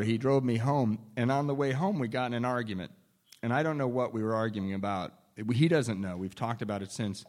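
A man's voice: mid-range voice, darkish tone. Candid man telling his recovery story. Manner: candid, self-deprecating, wry; frequent restarts and chuckles. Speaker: speaker sharing a recovery story. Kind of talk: personal storytelling talk.

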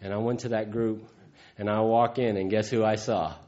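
A man's voice: lowish voice, flat delivery, moderate pace, warm tone. A man giving a candid, earthy personal testimony at a recovery meeting, acting out the voices of the people in his story. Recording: dull lo-fi recording.

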